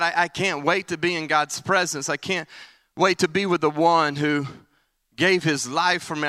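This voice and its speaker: A man preaching an energetic, playful sermon at a camp meeting, swinging from excited calls to the crowd to hushed, earnest reflection. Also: sits high, clear, resonant tone, dry recording.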